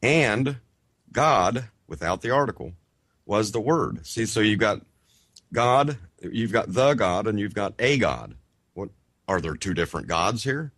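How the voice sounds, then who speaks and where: A man with a low voice, recorded close and dry with no room sound. He reads a grammar textbook aloud in measured phrases, then slips into casual asides. He sounds out Greek words slowly and carefully as he teaches. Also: sing-song, a bit bright, dry recording. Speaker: co-host of a Bible Greek study show.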